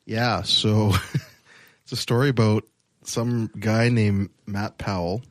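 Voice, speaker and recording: A man's voice: fairly low pitch, steady tone, slow, dry recording. A man co-hosting a casual podcast, telling a story with many fillers and hedges. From Canada. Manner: rambling, hedging with many fillers. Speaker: podcast co-host. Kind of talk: casual chat.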